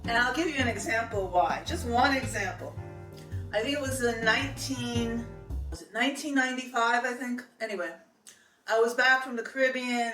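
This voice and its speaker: A woman's voice: a little high, a bit bright, recorded from a distance. A middle-aged woman, telling a personal story in a chatty, meandering way, full of fillers and restarts. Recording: echoey room, voice set back from the mic.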